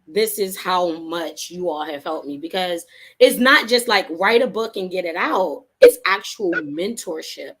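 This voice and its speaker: A woman author and interview guest, telling her story in a casual, animated way, acting out the voices of people she quotes and laughing often. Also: fairly low pitch.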